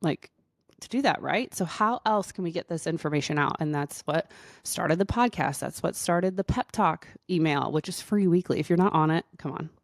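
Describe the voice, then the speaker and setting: A woman with a low-pitched voice hosts her own podcast as a doctor, telling a personal story. Her talk is loose and chatty, full of "like" fillers. The sound is dry and close, with no room around it. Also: moderate pace, dry recording. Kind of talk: casual storytelling monologue.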